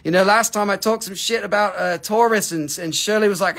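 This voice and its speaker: High-voiced joking man on a live sale. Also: fairly even intonation, fairly quick, creaky, a bit bright. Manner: joking, playful, chatty with viewers. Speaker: host of a live rock and mineral sale. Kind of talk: casual live-stream chat.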